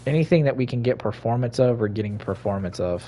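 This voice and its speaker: A man giving casual, swear-filled commentary while he plays a game, talking to himself, laughing and breaking into sudden loud outbursts. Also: medium pitch, lively intonation, fast, slight background noise. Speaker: gaming streamer.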